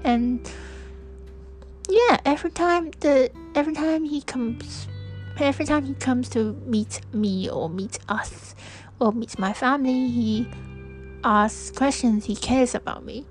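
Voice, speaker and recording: A young woman speaks slowly in a fairly high voice, hesitating and restarting often as she reflects aloud on a solo podcast. Soft music plays faintly behind her. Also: poor audio. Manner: slow, hesitant, with many restarts and fillers. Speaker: podcast host. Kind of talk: personal reflective monologue.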